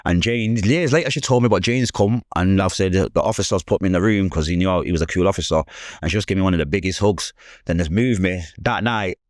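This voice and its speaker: A middle-aged man with a Mancunian accent, a podcast guest telling a painful story in fast street slang, acting out the voices of others. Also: deep voice, no room sound, clean studio sound. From England. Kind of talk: emotional storytelling.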